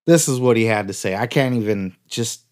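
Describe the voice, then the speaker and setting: Profane, excitable male podcast host. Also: fairly low pitch, fairly quick. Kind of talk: comic podcast rant.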